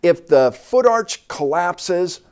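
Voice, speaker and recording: A man's voice: sits high, animated, slow, a little mellow, clean tone. A man, a doctor guest, explaining step by step in an interview.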